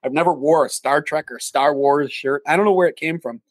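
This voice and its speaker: A man spins a long anecdote as a guest, jumping into quoted lines with a raised voice. His voice sits a little high for a man. The sound is dry and close, with no room echo. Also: a little fast. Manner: animated, acts out quoted dialogue in a raised voice. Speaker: guest, haunted attraction actor manager. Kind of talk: storytelling in an interview.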